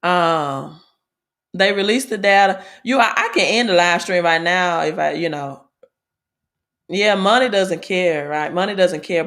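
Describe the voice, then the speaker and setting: A woman from Mississippi with a Southern accent, hosting a casual livestream about money and crypto, chatty and repeating herself, often tagging sentences with "right?", and reading news aloud haltingly. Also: medium pitch. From Mississippi, American South.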